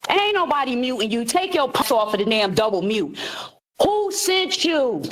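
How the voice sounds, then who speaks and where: A woman's voice: fairly high pitch, very animated, brisk, a bit bright. A woman in a live online discussion, confrontational and scolding, repeating her points. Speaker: participant in a live audio chat room.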